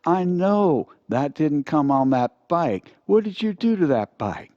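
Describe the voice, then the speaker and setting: An older man doing an excited young biker fan. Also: a little high, takes it slowly, no room sound, voice pushed up. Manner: excited and admiring. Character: tough young man who loves motorbikes. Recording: dull, lo-fi dry recording.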